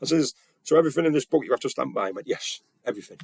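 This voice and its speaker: A man's voice: mid-range voice, animated, racing, vocal fry, breathy edge, no room sound. A man telling a story in a casual monologue, retelling conversations bluntly and earnestly. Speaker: vlogger.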